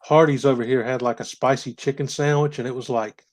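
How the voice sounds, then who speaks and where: A man's voice: mid-range voice, fairly even intonation, fairly quick. A man co-hosting a podcast in a laid-back casual chat, dropping dude and man into his sentences.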